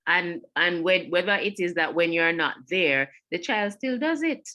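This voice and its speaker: A woman's voice: on the low side, lively intonation, unhurried, pushed and bright. A woman with a Jamaican accent giving a mental health webinar talk, earnest and repeating her key points. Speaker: webinar presenter. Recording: online webinar audio.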